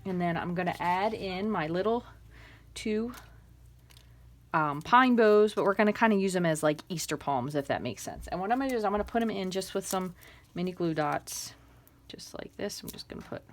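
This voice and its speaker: A woman's voice: lowish voice, expressive, moderate pace. Chatty woman demonstrating a craft. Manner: chatty, step-by-step instructions with fillers; murmurs soft asides while working. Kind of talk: hands-on crafting tutorial.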